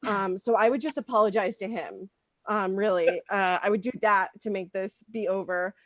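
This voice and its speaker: A woman's voice: mid-range voice, fairly even intonation, normal speed, no echo. A woman doing a stand-up comedy set, rambling with lots of ums and likes.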